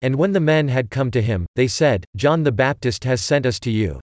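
A man reads scripture aloud in a steady, measured way. His voice sits in a middle register and is recorded close and dry, with no room around it. The delivery stays even from passage to passage. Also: medium pitch, dry recording. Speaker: scripture reader. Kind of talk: scripted Bible reading.

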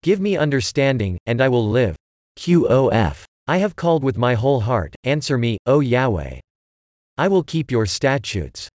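A man giving a measured, steady reading of scripture aloud. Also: medium pitch, no room sound, clean studio sound. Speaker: scripture reader.

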